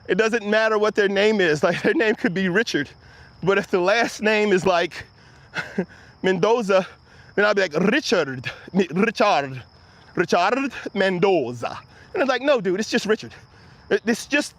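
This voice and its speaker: A man with a high voice hosts a relaxed livestream chat. He rambles through viewer questions and breaks into laughter often. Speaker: livestream host reading chat.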